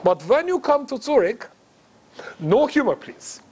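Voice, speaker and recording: A man's voice: very high-pitched, very animated, measured pace, darkish tone, husky, voice pushed up, heavily acted. A man voicing a formal German-accented man on the phone, clipped and stern.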